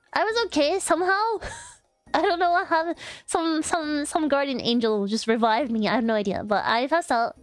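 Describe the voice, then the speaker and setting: Chatty woman streamer, slightly high voice. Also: dry recording. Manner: rambling, with many fillers and restarts. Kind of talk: casual storytelling chat.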